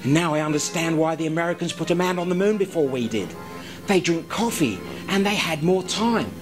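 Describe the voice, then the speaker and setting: A man with an Australian accent delivering a scripted comic monologue in a wry, mock-grand deadpan manner. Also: fairly high pitch, a little fast, low-quality recording. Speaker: comic narrator. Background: music.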